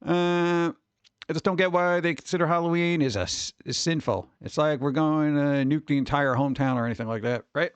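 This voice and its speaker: A man's voice: fairly high pitch, brisk, clear, resonant tone, no echo, highs cut off. A man streaming live, chatting casually and rambling as he reads comments from chat aloud.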